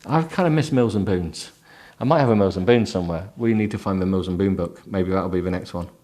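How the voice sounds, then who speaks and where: A man's voice: low-pitched, fairly quick, mellow. A tired man reading a book aloud with sarcastic, mocking asides. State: tired, sleepy. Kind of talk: comic book reading with running commentary.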